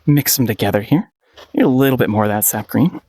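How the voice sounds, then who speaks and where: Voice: mid-range voice, quick pace, mellow, dry recording. A painting instructor giving a casual paint-along tutorial, playful and encouraging, often giggling and repeating short phrases.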